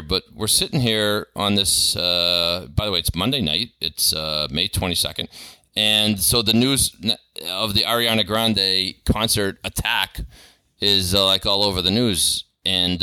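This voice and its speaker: A middle-aged man from Boston with a Boston accent, co-hosting a casual podcast chat in a jokey, animated way. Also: sits low, measured pace, smooth, no room sound. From Boston area. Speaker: podcast co-host.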